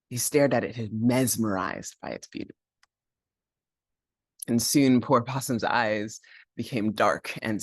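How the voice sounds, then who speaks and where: A man telling a folk tale aloud in an animated, playful way, with chanted sound effects. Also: medium pitch, no echo, clean studio sound. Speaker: storyteller.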